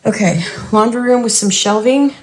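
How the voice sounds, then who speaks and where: A woman's voice: fairly high pitch, normal speed. A woman casually narrating a house walk-through indoors, thinking aloud and hedging her guesses as she goes. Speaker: vlogger giving a house tour.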